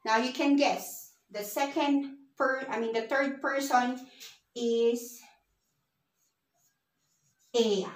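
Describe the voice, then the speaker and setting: A woman teaching a beginners' language lesson on her own channel, explaining slowly with many fillers. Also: high voice, steady tone. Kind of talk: casual online lesson. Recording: echoey room.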